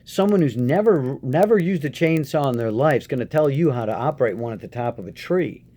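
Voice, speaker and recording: A man giving Christian advice in a casual, preachy monologue, animated and acting out voices. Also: medium pitch, fairly quick.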